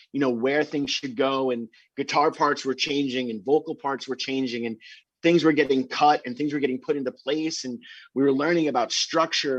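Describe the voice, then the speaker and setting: Excitable man with a husky, dull-sounding voice. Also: medium pitch, no room sound. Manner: animated, excitable storyteller. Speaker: band member. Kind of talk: casual interview storytelling.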